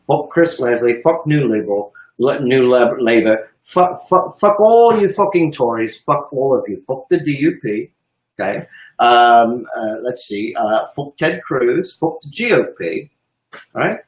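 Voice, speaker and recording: A man ranting profanely and emphatically about politics on a live stream, with sharp swings in pitch. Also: reverberant, low-quality recording. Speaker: economic analyst on a live stream.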